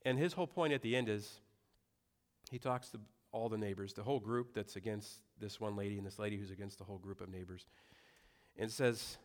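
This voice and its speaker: A man's voice: fairly low pitch, a little fast. A young adult man preaching a sermon in a conversational way, with asides and rhetorical questions. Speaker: pastor.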